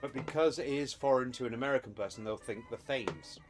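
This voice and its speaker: Brief: man, Estuary English accent, middle pitch, rambling podcast banter full of restarts, faint music underneath. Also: quick pace. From England. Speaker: podcast co-host. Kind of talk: casual chat.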